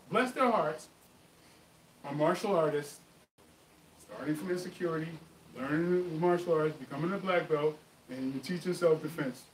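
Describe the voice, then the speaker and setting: A man hosting a live martial arts Q&A, telling stories in an animated, emphatic way. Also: a little high, recorded from a distance. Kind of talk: live stream chat and storytelling. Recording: echoey room, voice off-mic, faint noise.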